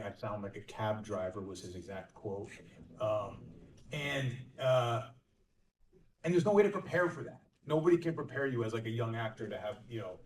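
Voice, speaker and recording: A man's voice: on the low side, slight background noise. A man from Connecticut with a light East Coast accent, telling voice acting stories on a convention panel. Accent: East Coast American. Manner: animated storyteller, acts out quoted lines. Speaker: voice actor panelist. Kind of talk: casual panel talk. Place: large convention hall. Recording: echoey hall, mic far off.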